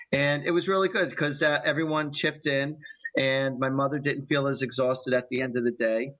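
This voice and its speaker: A man's voice: medium pitch, steady tone, normal speed, a bit bright, lo-fi sound. A man with a New Jersey accent hosting a talk radio show, telling stories in a chatty way and laughing often. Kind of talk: casual radio chat.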